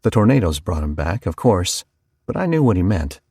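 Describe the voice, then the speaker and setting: A man's voice: low voice, sing-song, moderate pace, dark tone, slightly rough, dry recording, studio quality. A man narrating a first-person horror audiobook in a folksy storytelling manner.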